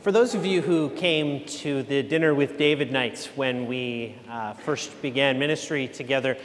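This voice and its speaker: A pastor preaching a sermon, telling a story in a relaxed, conversational way with many fillers, recorded in a church. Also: male voice, mid-range voice, normal speed, in a large hall, a little hiss or hum.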